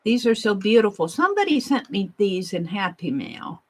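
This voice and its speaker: A woman hosting an art journaling stream, chatting casually to herself and viewers as she paints, with soft murmured asides. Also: mid-range voice, very animated, normal speed, low-quality recording. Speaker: art journaling livestream host. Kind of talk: casual crafting narration.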